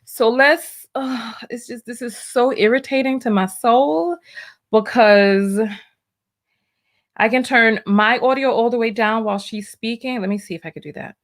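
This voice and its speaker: A woman's voice: on the high side, unhurried. Flustered woman hosting a reaction video. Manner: flustered, stammering, exasperated. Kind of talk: casual reaction commentary.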